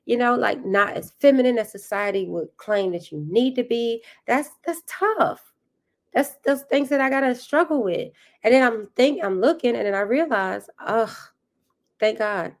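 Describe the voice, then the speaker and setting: A woman hosting her own podcast, speaking in an earnest, reflective monologue and repeating key phrases for emphasis. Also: a little high. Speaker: podcast host.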